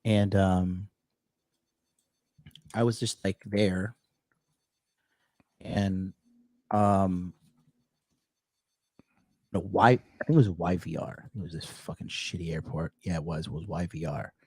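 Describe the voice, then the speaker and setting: A man co-hosting a casual podcast, telling a story with lots of swearing and animated retelling. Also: deep voice, slow pace, pauses often, slightly rough, dry recording, clean studio sound. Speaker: podcast co-host. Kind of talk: casual chat.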